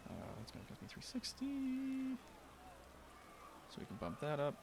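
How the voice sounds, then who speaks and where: A man's voice: extremely high pitch, wildly swooping pitch, moderate pace, noisy background. A man streaming a strategy game, talking casually through his moves, laughing often and swearing now and then. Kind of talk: casual gameplay commentary.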